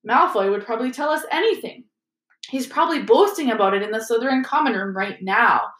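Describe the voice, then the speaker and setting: A woman's voice: a little high, expressive, brisk, a bit bright. A woman voicing a clever, cautious teenage schoolgirl who talks earnestly, in an echoey room. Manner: earnest, careful.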